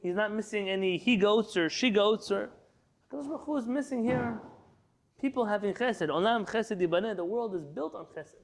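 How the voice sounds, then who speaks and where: A man's voice: high voice, fairly quick, a little hiss or hum. A man teaching a class to students in a room, reading Hebrew passages aloud and then translating and explaining them. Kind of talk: lecture class.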